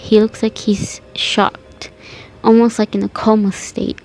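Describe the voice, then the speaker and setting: A man's voice: high voice, completely flat delivery, measured pace, darkish tone. A woman reading as a grave British doctor. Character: grave cartoon doctor, a man.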